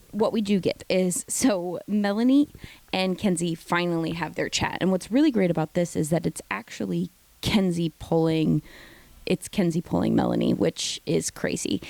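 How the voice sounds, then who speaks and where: Chatty, gravelly woman recapping reality TV. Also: lowish voice, darkish tone, no room sound. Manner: chatty, opinionated, swears freely, acts out quotes. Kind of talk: casual recap commentary.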